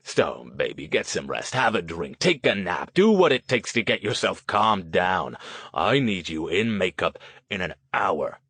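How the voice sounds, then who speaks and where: A male narrator voicing a hot-tempered, crude middle-aged TV producer, brash and gruff. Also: sits low, sing-song, a little slow, a bit bright, no room sound, voice pushed down, exaggerated voice.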